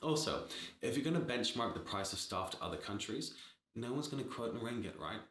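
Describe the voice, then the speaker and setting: A man's voice: medium pitch, expressive, a little fast, fairly bright tone, reverberant. A man giving blunt, sarcastic startup advice in a casual talk to camera, swearing freely. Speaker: startup advisor.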